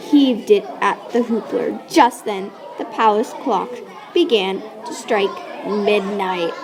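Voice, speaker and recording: A woman reads a children's story aloud in an unhurried, fairly high voice. She narrates expressively, punching out playful sound effects along the way. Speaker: storybook reader.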